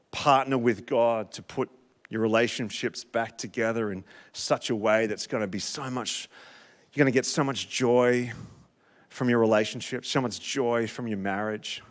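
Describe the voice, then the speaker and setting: A middle-aged man with an Australian accent preaching a sermon, telling a personal story with emotional, animated delivery and big swings in loudness. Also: medium pitch. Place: church.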